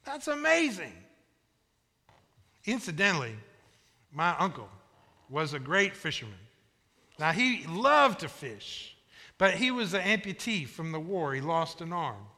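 A male pastor preaches in a folksy, storytelling way, hammering points home by repeating them. His voice sits high and sounds very bright and piercing. A long reverb rings through the church sanctuary around him. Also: big pitch swings, unhurried. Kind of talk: sermon.

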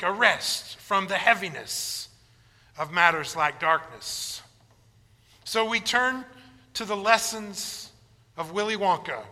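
Male pastor, conversational storyteller, high bright voice, long church reverb. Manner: conversational storytelling, informal asides. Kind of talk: sermon.

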